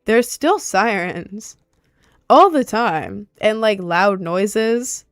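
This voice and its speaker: Young woman from Maryland, casual vlog chat, rambling with constant fillers, smooth and dry. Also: medium pitch, animated, very slow, no room sound. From Maryland, USA.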